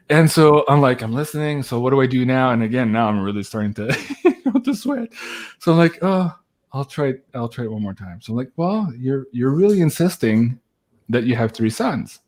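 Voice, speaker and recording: A man telling a long personal story in a casual chat, animated, laughing and swearing now and then, with lots of "like" fillers. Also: a little high. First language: French. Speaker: guest storyteller.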